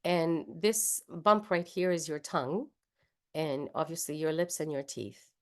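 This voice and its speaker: A woman's voice: deep voice, a little slow. A woman with a Spanish accent, leading an online voice workshop over a video call and patiently demonstrating speech sounds aloud as she explains them. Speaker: voice workshop leader.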